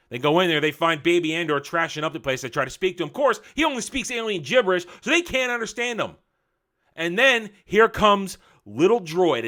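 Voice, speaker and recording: High, sharp-voiced ranting man. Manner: angry, sarcastic, mocking, swings loud and soft. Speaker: show reviewer. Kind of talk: ranting review commentary.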